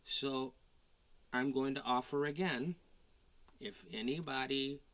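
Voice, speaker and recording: A man reading a picture book aloud to young children in a gentle, chatty way, with playful ad-libbed asides. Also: mid-range voice, steady tone, takes it slowly. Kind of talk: storybook read-aloud for children.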